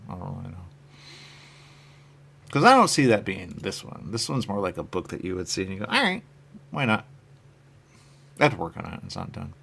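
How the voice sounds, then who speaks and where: A man with a low, gravelly voice chats loosely on his live stream, musing aloud about his comic work. He reads out viewer comments and answers them, his sentences wandering and fading off softly at the end. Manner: musing and meandering, trailing off quietly at phrase ends. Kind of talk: rambling casual live-stream chat.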